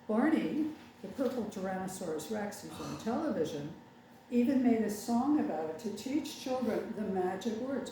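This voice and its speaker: A woman's voice: medium pitch, lively intonation, moderate pace, mellow. Older woman minister, echoey and distant. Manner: wry, chatty, sarcastic asides with laughter. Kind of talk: conversational sermon. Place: congregation meeting room. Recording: echoey room from far off with faint background noise.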